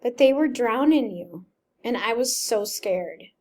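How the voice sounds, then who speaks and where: A woman's voice: on the high side, expressive, unhurried, darkish tone. A woman reading aloud as a frightened, remorseful teenage boy, in a plain reading voice with a slight emotional lift. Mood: anguished.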